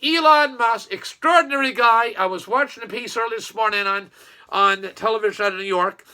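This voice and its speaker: A man's voice: very high voice, fairly quick, bright, forceful tone, clear, resonant tone. An older man from Nova Scotia, a retired businessman, rambling in a folksy monologue full of restarts and quoted asides.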